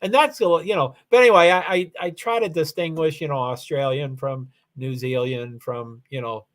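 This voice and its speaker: Rambling American man with a slightly high voice. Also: moderate pace, fairly bright tone. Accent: faint Kentucky Southern. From Louisville, Kentucky, USA. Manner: rambling, hesitant, many restarts and asides. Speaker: livestream host. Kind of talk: casual solo livestream chat.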